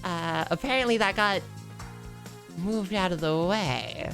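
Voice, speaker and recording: A woman livestreaming a video game from her computer at home, chatting casually, excitable and joking, with frequent swearing. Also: on the low side, unhurried, long pauses, music in the background. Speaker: streamer. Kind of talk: casual gameplay livestream chat.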